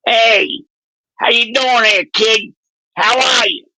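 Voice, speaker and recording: A man playing a chatty, very old man at a social club, his voice pitched up high and loud, calling out cheery greetings. It is bright and dry, close to the mic. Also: takes it slowly, no room sound, exaggerated voice, low-quality recording.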